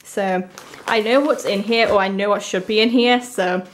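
A woman's voice: mid-range voice, normal speed, a little hiss or hum. A young woman from England chatting casually as she unboxes a haul, gushing and exclaiming often. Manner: gushing, repeatedly excited, lots of "oh my god".

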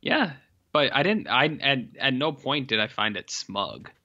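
A man's voice: mid-range voice, very animated, measured pace, sharp tone, dry recording, dull audio. A man co-hosting a podcast, asking teasing, wry questions in casual chat. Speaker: podcast co-host.

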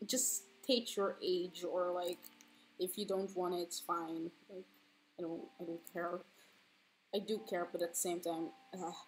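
Drawing live for her viewers, a twentysomething woman with a lowish voice chats casually, swears without restraint, and lets out squealing laughs when flustered. The rough recording has a little hiss or hum.

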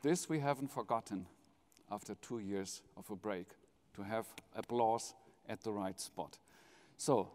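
Middle-aged German-accented man, podium welcome speech, measured and jovial, big reverberant hall. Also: fairly low pitch, darkish tone. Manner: measured, jovial, polls the audience. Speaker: foundation president giving opening speech. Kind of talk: formal welcome speech with light humor. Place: large university hall, live audience.

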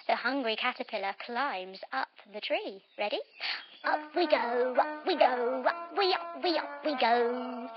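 A woman telling a story while leading a yoga lesson for children, slow, playful and sing-song, with sound effects. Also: high voice. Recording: slightly dull lo-fi audio.

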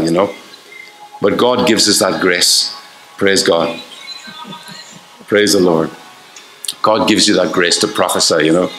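A man with an Irish accent preaching a sermon in an earnest, conversational way, with quick asides to the congregation. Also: low-pitched, fairly bright tone. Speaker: pastor. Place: church hall. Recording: echoey church hall.

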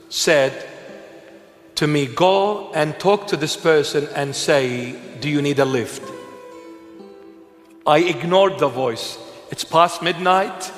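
Slow-speaking preacher man in an echoey hall. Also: fairly high pitch, fairly bright tone. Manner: humorous, with laughs and self-mockery. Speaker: bishop preaching. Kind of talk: sermon storytelling. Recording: echoey hall with music behind.

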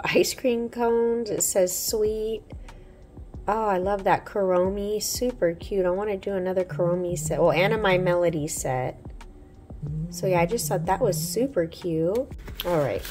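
A woman's voice: mid-range voice, a little mellow. A woman vlogging casually at home about a nail haul, her voice cracking from a sore throat, chatty and rambling with many fillers. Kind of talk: casual chat. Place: home, indoors.

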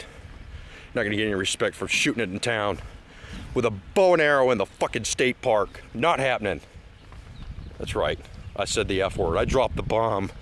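A man's voice: on the low side, fairly bright tone, a little hiss or hum. A man on a one-take outdoor park tour, talking in a rambling, hesitant way with lots of fillers, at times heated and at times choked up. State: emotional, teary at times. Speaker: vlogger giving a park tour. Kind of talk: casual one-take outdoor vlog talk. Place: outdoors at a lakeside state park.

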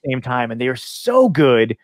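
A man's voice: mid-range voice, big pitch swings, measured pace, no room sound, clean studio sound. A man hosting a podcast, telling stories in a loose, laughing way with plenty of swearing. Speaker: podcast host. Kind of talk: casual chat.

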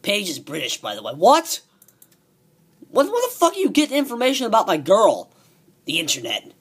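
A man ranting profanely as a wrestling show reviewer, excitable and repeating himself. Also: high voice, moderate pace, slightly rough. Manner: excitable, swearing, repeats words. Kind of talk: profane rant.

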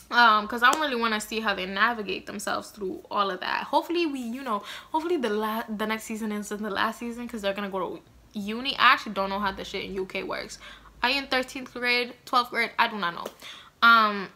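A young woman giving her blunt, slangy opinions on a show in a casual vlog, talking in a chatty, animated way with lots of fillers. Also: fairly high pitch. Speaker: YouTuber reviewing a TV show.

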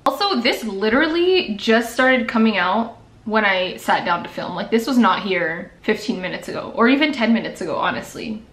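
A woman's voice: mid-range voice, expressive, normal speed, a bit bright. A young woman chatting casually and playfully through a makeup tutorial in her apartment, laughing often. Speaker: beauty vlogger. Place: apartment room. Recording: echoey room, faint background noise.

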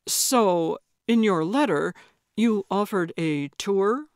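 A woman's voice: medium pitch, animated, slow, no room sound, clean studio sound. A woman voicing an old man, terse at times and easily delighted. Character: cheerful old man, theme park fan.

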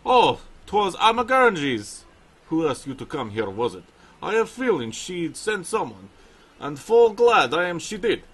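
In a high, sing-song voice that's a bit bright and husky, a man reads game dialogue aloud at an unhurried pace. He cheerfully plays a kindly, chatty male bear trainer with an exaggerated voice, a put-on Russian accent and old-fashioned phrasing.

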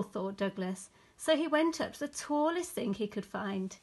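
A woman teacher reading a bedtime picture book aloud in a slow, expressive storytelling manner. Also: mid-range voice.

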